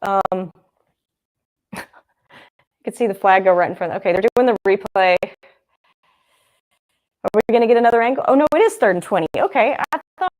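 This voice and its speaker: A young woman talks her way through a live football broadcast. She rambles and thinks out loud and keeps circling back to the action on screen. She sounds like a casual livestream host. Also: mid-range voice, lively intonation, fairly quick, pauses often. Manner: chatty and rambling, thinking aloud. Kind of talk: casual live game commentary.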